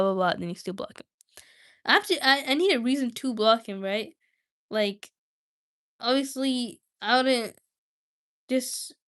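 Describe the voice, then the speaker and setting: A young woman chats with her stream viewers in a loose, rambling way. She often stops mid-sentence and starts over, sounding like a talkative host. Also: a little high. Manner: rambling, self-interrupting, chatty. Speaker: livestream host. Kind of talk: casual chat with viewers.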